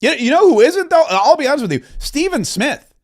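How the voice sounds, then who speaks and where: A man's voice: very high voice, big pitch swings, fairly quick. A man hosting a political talk show, giving impassioned, opinionated commentary that repeats points and builds to emphatic peaks.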